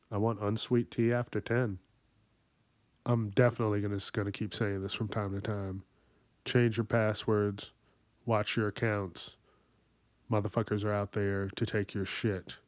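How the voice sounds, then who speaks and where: Dude ranting on his podcast, cussing nonstop and cracking himself up, slow drawn out delivery. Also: mid-range voice, no room sound. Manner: swears constantly, riffs and laughs at his own jokes. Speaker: podcast host. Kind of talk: profane comedic rant.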